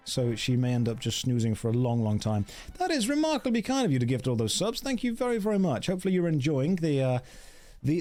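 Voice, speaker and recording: A man livestreaming a game, rambling and joking as he reads chat aloud. His pitch swings up and down in a lively way, and faint background music plays under his voice.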